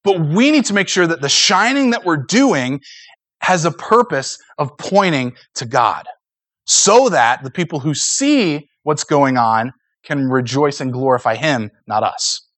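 A man's voice: on the high side, lively intonation, a little slow, a bit bright, dry recording. Earnest man preaching a casual sermon. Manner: earnest, conversational preaching with acted-out asides. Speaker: pastor.

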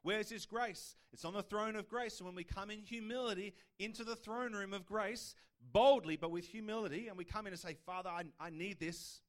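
A man's voice: high voice, a little fast, few pauses. A man preaching a sermon in a conversational style, asking the listeners rhetorical questions. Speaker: pastor.

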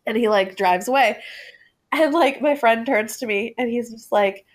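A woman guest, a cosplayer from Connecticut, telling a story in an animated way and laughing often. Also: a little high, moderate pace. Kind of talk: casual podcast chat.

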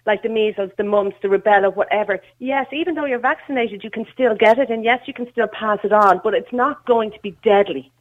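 A woman's voice: medium pitch, brisk, hardly any pauses. An Irish woman calling in to a radio show, earnest and heartfelt, talking in a rush. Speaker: caller. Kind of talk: phone-in call. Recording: tinny phone line.

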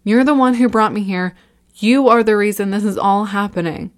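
A woman's voice: mid-range voice, normal speed, close to an everyday voice. A woman reading a horror story and voicing a panicked young man who is near tears and bitter.

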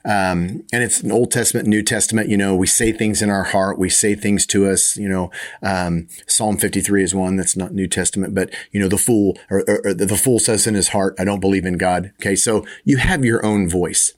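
A man's voice: sits low, fairly even intonation, moderate pace. A man preaching a conversational sermon, often restarting and repeating words as he explains. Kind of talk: sermon teaching.

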